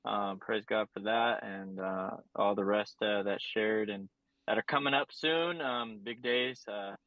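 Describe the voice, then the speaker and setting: A man's voice: lowish voice, a little slow, no echo. A man sharing upbeat encouragement in an online recovery meeting, with many fillers. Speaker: meeting participant. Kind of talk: casual sharing. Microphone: video call. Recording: dull dry call audio.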